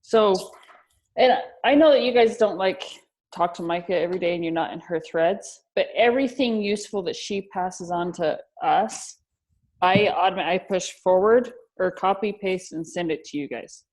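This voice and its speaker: A woman's voice: lowish voice, moderate pace, darkish tone. A woman co-leading a team call, speaking in an earnest, encouraging, emphatic way. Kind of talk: casual motivational team call.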